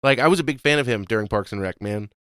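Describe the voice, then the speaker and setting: Fast-talking young man, smooth voice. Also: medium pitch, a bit bright, dry recording, clean studio sound. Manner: fast, profane, opinionated, asks questions. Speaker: podcast co-host. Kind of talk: casual chat.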